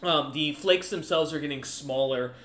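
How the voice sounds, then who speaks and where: A man's voice: fairly high pitch, normal speed, a bit bright, reverberant. A man narrating a tabletop game as game master, loose and full of ums.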